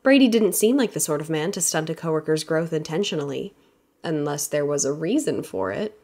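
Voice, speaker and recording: A woman whose voice sits somewhat low for her sex narrates an audiobook at a brisk pace. Her delivery is a plain scripted read, steady and even.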